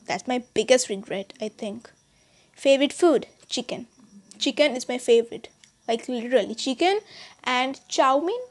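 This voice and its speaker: A woman whose first language is Bengali, chatting casually in a vlog with halting, hesitant speech full of restarts and fillers. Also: on the high side. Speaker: channel host.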